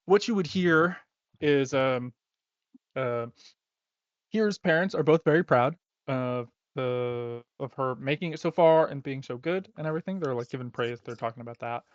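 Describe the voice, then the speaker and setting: A man's voice: medium pitch, normal speed, no echo. A man narrating a tabletop game as game master, in a laid-back, rambling way with many fillers, heard on a dull, lo-fi recording.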